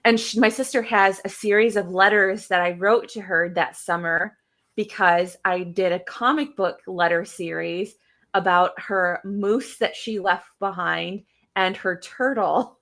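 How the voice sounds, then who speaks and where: A woman in her thirties from Michigan, co-hosting a casual podcast and telling stories at an unhurried pace. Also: medium pitch, steady tone, a bit bright. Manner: unhurried storyteller, reads old notes aloud. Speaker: podcast co-host. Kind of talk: casual chat.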